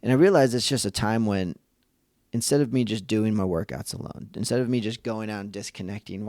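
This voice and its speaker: Low gravelly guy podcasting, earnest and rambly, dry close sound. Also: darkish tone, dry recording. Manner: earnest, conversational with frequent restarts. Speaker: podcast host. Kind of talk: casual reflective monologue.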